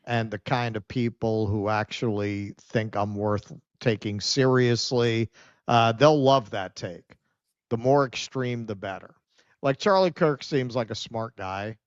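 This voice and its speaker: A man's voice: mid-range voice, measured pace. A man co-hosts a casual political chat, rambling along with plenty of restarts and "man"s. His mic sounds dull and lo-fi. The sound is dry, with no room echo. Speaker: co-host.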